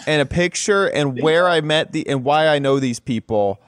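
A man's voice: on the high side, moderate pace, background noise. A man hosting a casual podcast, talking with many fillers and restarts and reading an ad for the show. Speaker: podcast host. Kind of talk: casual podcast chat with read ad.

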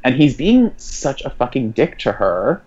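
A man rambles through a casual podcast discussion of a TV episode, his words tumbling out in quick, animated asides. The recording sounds a little dull and lo-fi. His pitch sits in the middle for a man. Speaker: podcast co-host.

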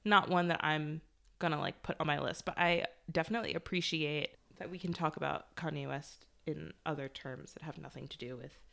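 A woman's voice: low-pitched, fairly quick, gravelly, a bit bright. A woman co-hosting a podcast in casual chat, breezy and joking, swearing casually. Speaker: podcast co-host.

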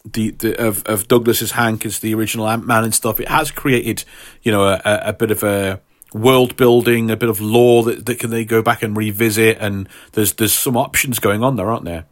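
A man's voice: on the low side, fairly even intonation, normal speed. A man co-hosting a casual film podcast, talking hesitantly with many fillers and restarts, and with a dry sense of humor. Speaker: podcast co-host.

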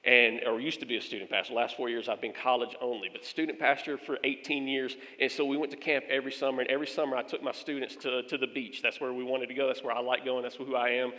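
A man's voice: medium pitch, fast talker, hardly any pauses, in a large hall. A man, a pastor, telling a funny story during a sermon, acting out the voices of the people in it. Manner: animated storyteller, acts out quoted voices.

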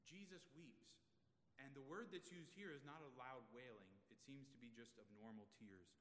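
A man's voice: medium pitch, moderate pace, fairly bright tone, a little hiss or hum. A male pastor giving an expository sermon in a conversational way, asking the congregation rhetorical questions. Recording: long reverb of a large room.

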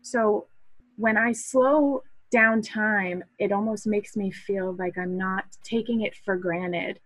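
A woman's voice: mid-range voice, fairly even intonation, takes it slowly, a bit bright, dry recording, rough recording. A woman in her thirties from Massachusetts, a podcast guest talking earnestly and reflectively about her photography and children, with some restarts. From Massachusetts, USA. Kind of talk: casual interview chat.

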